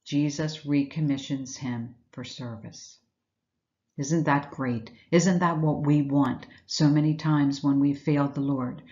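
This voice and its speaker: A woman's voice: sits low, steady tone, unhurried, dark tone, muffled recording. A woman giving an earnest, reflective Easter devotional message, retelling scripture and asking rhetorical questions. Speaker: Bible teacher.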